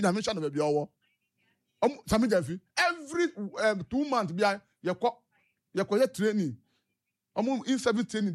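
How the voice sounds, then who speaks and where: Man, Ghanaian English accent, high voice, heated political call-in, keeps asking rhetorical questions. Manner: impassioned, with repeated rhetorical questions and restarts. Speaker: caller. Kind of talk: heated political talk-radio commentary.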